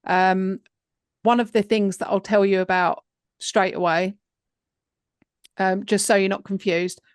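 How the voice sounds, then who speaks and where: A woman's voice: mid-range voice, level tone, measured pace, clean tone, dry recording, clean studio sound. A woman hosting a true crime podcast, talking in a conversational way with many fillers. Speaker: podcast host.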